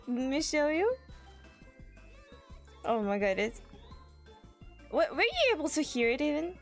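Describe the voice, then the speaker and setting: Female streamer, shrieky and giggly, wildly swooping high voice, unhurried. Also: sing-song, soft background music. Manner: shrieking, laughing, frantic repetition. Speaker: VTuber streamer. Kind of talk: excited live-stream chat. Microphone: desk microphone.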